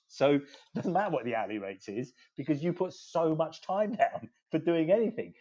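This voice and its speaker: Animated English man, dull lo-fi sound. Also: a little high, normal speed. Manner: animated, digressive, stumbling restarts. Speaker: law firm managing partner, guest. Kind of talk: anecdotal storytelling in conversation.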